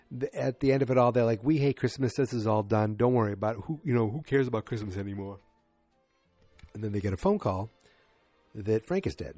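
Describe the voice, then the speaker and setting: Rambling man recapping an episode, low dark voice. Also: no room sound. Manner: rambling, restarts, lots of ums, acts out quotes. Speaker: podcast co-host.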